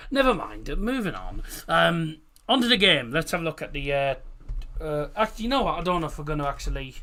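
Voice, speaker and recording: A man's voice: a little high, very animated, normal speed, sharp tone. A man hosting a casual football watchalong stream, rambling through chat messages with lots of fillers.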